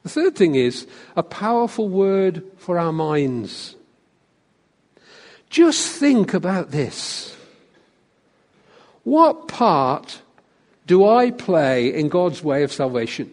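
A man preaches a sermon in a light, high voice. He puts questions to the congregation and drops to a near hush on the phrases he wants to land. A long reverb hangs after every line, as in a large church. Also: big pitch swings, slow, pauses often.

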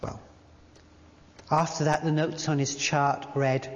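A man preaching a sermon in a church, halting at times with fillers and restarts, and reading aloud from a book. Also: on the high side, flat delivery. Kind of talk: sermon with a read-aloud story. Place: church hall. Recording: dull sound in a large reverberant hall.

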